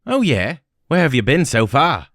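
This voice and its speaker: A man plays an easygoing young New Zealand traveler, relaxed and quirky in manner, lifted a little above his own low register. The sound is dry and close-miked. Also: moderate pace, no echo.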